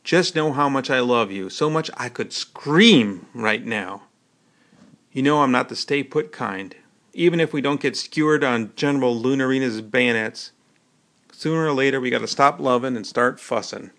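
A man's voice: mid-range voice, moderate pace, a bit bright, close to an everyday voice. A man voicing a bold, teasing young frontier army wife who talks in a blunt, folksy way, in an audiobook. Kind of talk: audiobook character voice.

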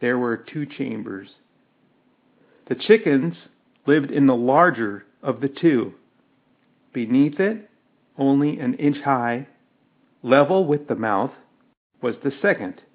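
Unhurried male audiobook narrator, mid-pitched; narrow telephone-like audio. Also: animated. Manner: slow, measured storytelling. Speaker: storyteller. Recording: tinny phone-like audio.

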